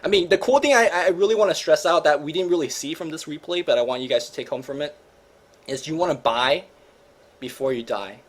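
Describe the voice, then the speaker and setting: A man hosting a gaming show, commentating replays in an energetic, joking, slangy way. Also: a little high, a little fast. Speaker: host and caster.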